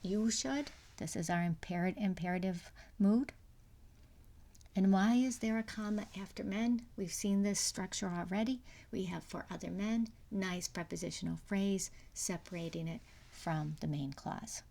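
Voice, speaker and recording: A middle-aged woman who teaches English at a university gives a recorded lecture, explaining things step by step. Her mid-range voice is warm and creaky at a normal speed, and she uses many fillers and restarts, sometimes dropping to a whisper.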